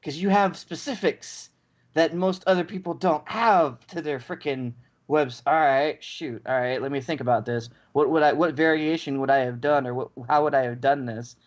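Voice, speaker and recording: A man's voice: a little high, moderate pace. Exasperated man ranting, lo-fi audio. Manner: exasperated ranting storyteller, acts out both sides. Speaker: podcast co-host. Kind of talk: casual chat. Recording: dull lo-fi podcast audio.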